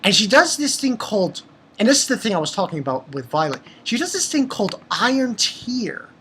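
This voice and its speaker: A man casually recapping a manga chapter for his channel, rambling and excitable, with lots of fillers and restarts. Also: high voice, brisk, slight background noise. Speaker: manga review channel host.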